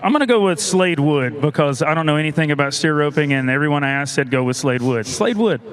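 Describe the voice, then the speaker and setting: A man's voice: a little high, quick pace, fairly bright tone. A man analyst in a casual panel chat, joking and playful about his picks. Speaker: rodeo analyst.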